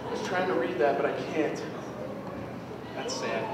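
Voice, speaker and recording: A man's voice: on the high side, normal speed, noisy background. A young man doing a rambling, self-mocking stand-up set and riffing with the crowd. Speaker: stand-up comedian. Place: live comedy venue with an audience. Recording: echoey hall recorded from far off.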